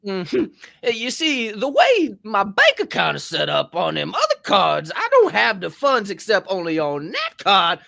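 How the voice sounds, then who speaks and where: Excitable profane man telling a story. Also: high voice, moderate pace, vocal fry, no echo. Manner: profane, excitable, acts out quotes. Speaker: podcast co-host. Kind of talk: animated storytelling on a live podcast. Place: hotel room.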